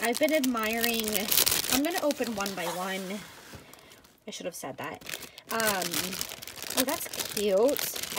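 A woman vlogging a mail unboxing in a gushing, excited, chatty way. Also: fairly high pitch, measured pace, very noisy. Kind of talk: casual happy-mail unboxing vlog.

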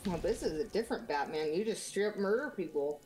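A woman's voice: fairly low pitch, expressive, fast, a little mellow. Giggly, chatty woman on a call. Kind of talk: casual chat during a game stream.

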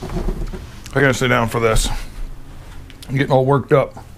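Excited man tasting his barbecue. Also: medium pitch, a little slow, background noise. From Pennsylvania. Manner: enthusiastic, tasting and reacting with pleased murmurs. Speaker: cooking video host. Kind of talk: casual cooking vlog.

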